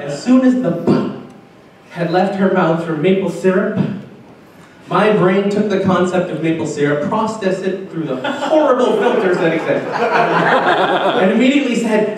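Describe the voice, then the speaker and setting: A man's voice: high voice, expressive. Young man, from Canada, stand-up comic, crude self-deprecating punchlines, distant camcorder sound, very echoey hall, faint noise. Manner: crude, self-mocking punchlines with frequent filler pauses. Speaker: stand-up comedian. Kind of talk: stand-up comedy set. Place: convention hotel function room with live audience.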